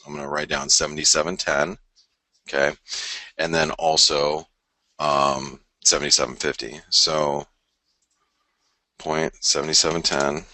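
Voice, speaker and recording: A man with a very deep, forceful voice hosts a live forex webinar in the early morning, sounding tired after an early start. He rambles in a casual way, full of fillers and restarts, and he repeats his key phrases. The recording is close and dry. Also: no room sound. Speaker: forex trading webinar host.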